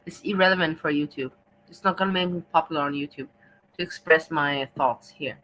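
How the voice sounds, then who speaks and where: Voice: mid-range voice, fairly quick, pushed and bright, slight background noise, poor audio. A host giving casual, blunt and profane commentary on video clips. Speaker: reaction channel host.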